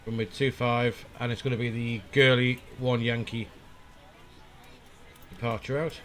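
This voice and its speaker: A man streaming a flight simulator, casually talking through his preflight setup and often pausing with "uh" as he thinks aloud. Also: medium pitch, slight background noise. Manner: relaxed, thinking aloud with frequent "uh" pauses. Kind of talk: casual live-stream commentary.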